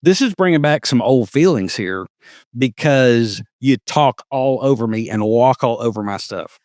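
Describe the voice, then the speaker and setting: A man's voice: mid-range voice, expressive, a little slow, a little mellow, no echo. Easygoing man, dry close sound. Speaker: podcast co-host. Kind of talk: casual chat.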